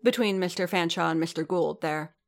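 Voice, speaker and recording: Woman reading as a calm, authoritative head servant. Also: on the low side, brisk, natural voice. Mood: composed. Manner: calm, directing. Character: composed male senior servant, quietly authoritative.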